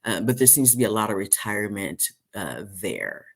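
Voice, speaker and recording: A man hosting a casual live-stream chat, rambling with many fillers and restarts, and jumping high when he mimics people. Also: expressive, normal speed. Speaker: host.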